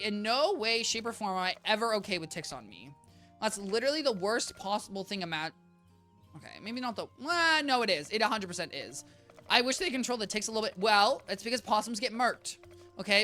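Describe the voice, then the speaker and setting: Bright, lively young woman streamer. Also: mid-range voice. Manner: rambling, playful, talks straight to chat. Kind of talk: casual gameplay chatter. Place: home apartment.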